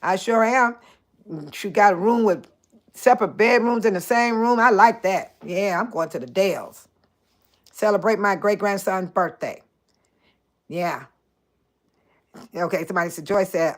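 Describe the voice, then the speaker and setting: An older woman hosting a casual live chat, talking straight to her viewers by name, chatty and animated with frequent laughter. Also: mid-range voice, normal speed, pauses often. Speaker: host.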